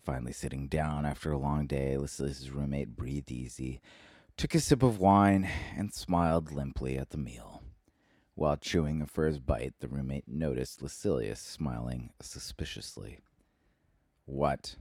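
A man hosting a podcast, reading a scripted story in a measured, steady way on a close mic. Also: rumbling low, no room sound. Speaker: podcast host.

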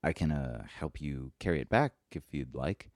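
A man's voice: a bass voice, lively intonation, moderate pace, no echo, studio quality. A man voicing a friendly, awkward android that rambles eagerly with little hesitations.

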